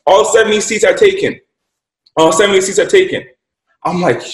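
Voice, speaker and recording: A man's voice: high-pitched, normal speed. A man telling a story as a guest, emphatic and profane, repeating lines for effect. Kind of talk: casual storytelling. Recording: roomy echo.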